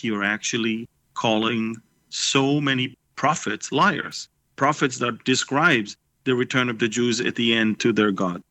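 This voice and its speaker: A man's voice: mid-range voice, pushed and bright, no echo. A man giving an impassioned, indignant commentary as a guest on a religious talk program. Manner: emphatic, indignant. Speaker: ministry guest.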